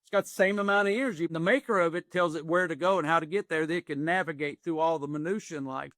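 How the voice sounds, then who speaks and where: A man in his sixties with a somewhat high voice tells stories in a plain, earnest way, full of folksy turns of phrase. The sound is dry and close, with no room echo. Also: fast talker, a bit bright. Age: 60s. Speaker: executive coach. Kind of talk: podcast interview.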